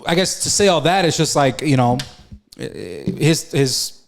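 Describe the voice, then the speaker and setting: A man's voice: fairly high pitch, lively intonation, a little slow, gravelly. A young man co-hosting a podcast, talking casually and emotionally, with restarts and slang. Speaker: podcast co-host. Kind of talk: casual chat.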